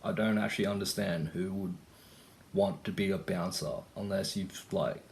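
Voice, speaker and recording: A man's voice: deep voice, steady tone, moderate pace. A young man ranting and telling stories in a casual vlog, rambling and swearing, full of "like" and "you know". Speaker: vlogger. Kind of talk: casual rant storytelling.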